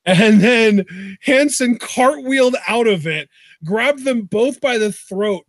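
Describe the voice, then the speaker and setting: A man co-hosting a show in casual chat, excitable and swearing freely. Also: high-pitched, takes it slowly, no echo, studio quality. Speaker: podcast co-host.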